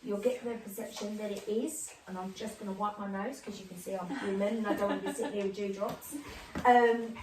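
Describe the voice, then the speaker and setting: A woman clairvoyant medium chatting as a guest, telling stories in an animated, earthy way. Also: mid-range voice, fairly quick. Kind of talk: casual chat. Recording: roomy, distant mic with faint noise.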